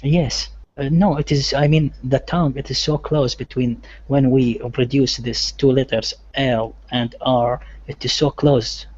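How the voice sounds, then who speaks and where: Male learner, hesitant, non-native English, mid-pitched, lo-fi call sound. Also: fairly even intonation. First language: not English. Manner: hesitant, halting, restarts. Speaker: student. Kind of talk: asking questions in class. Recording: dull lo-fi online call audio.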